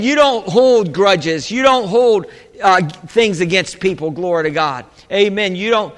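Male pastor, sermon, high voice, calls for amens, conversational restarts, long church-hall echo. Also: pushed and bright. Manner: call-and-response preaching, asking for amens. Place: church sanctuary. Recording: echoey hall with long reverb.

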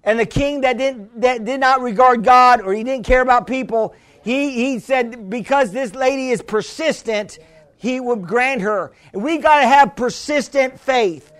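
High-voiced man preaching a fervent sermon. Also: measured pace. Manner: fervent, builds to shouts, calls for a witness.

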